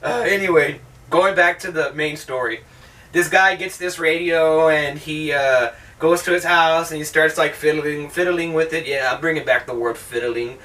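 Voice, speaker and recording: A man rambles through a movie review, swearing freely and sounding sarcastic. His voice sits a bit high and comes across bright and forceful. He is a little far from the mic. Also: normal speed. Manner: profane, rambling, sarcastic, with mocking put-on voices. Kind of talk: casual rambling film review.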